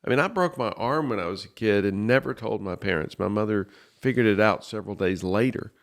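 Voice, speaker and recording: A man co-hosting a podcast, emphatic and animated as he recalls his childhood. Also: fairly low pitch, brisk, vocal fry. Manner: animated, emphatic, says "dude". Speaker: podcast host. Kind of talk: casual conversation.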